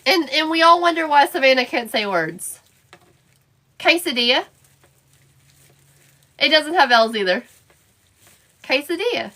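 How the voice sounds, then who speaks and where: A woman's voice: high-pitched, a little fast, pushed and bright. A woman hosting a live crafting stream, chatting playfully and bantering with viewers in the chat while she works. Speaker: craft livestream host.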